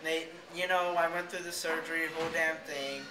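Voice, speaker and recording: This man's voice is a little high and steady in tone, moving a little fast, with background noise around him. Standing in the echoey hallway outside a school band room, he spins a loose, jokey tale from his childhood, dropping the occasional swear word.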